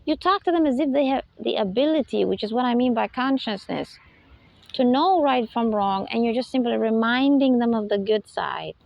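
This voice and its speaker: A woman's voice: fairly high pitch, lively intonation, moderate pace, gravelly, dry recording, dull audio. A woman giving an unscripted spiritual lecture, emphatic and full of rhetorical questions, often laughing between points. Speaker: spiritual talk host.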